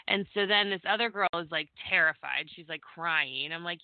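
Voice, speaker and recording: A woman from Vermont and New Jersey calls into a radio show to tell a ghost story, chatty and full of "like" fillers, acting out her teenage self. Her voice is lowish, steady and smooth, at a normal speed with hardly any pauses. The phone line sounds tinny and dry, with no room sound.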